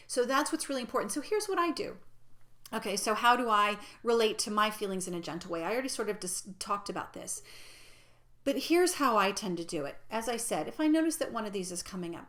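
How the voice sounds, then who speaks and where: Gentle, reassuring woman teacher. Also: medium pitch. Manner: gentle, reassuring, drops into soft near-whispers. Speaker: personal growth teacher. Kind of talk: reflective teaching talk.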